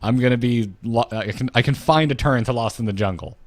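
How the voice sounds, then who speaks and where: A man co-hosting a podcast, talking casually in a thoughtful, measured way. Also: medium pitch, dry recording. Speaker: podcast co-host. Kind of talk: casual chat.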